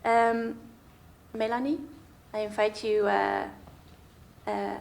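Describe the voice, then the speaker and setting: A woman moderates a conference in a theatre hall. She talks thoughtfully and hesitantly, pausing on fillers. Her voice is mid-pitched with a gravelly fry. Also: little pitch movement, a little mellow. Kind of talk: talk at a conference.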